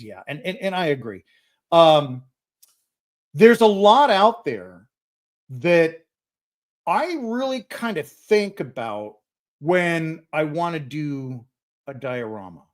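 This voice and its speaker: A middle-aged man hosting a live Q&A from his hobby workspace, talking in an excitable, rambling way and often repeating words as he starts a sentence. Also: on the high side. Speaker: host. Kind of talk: live-stream Q&A chat.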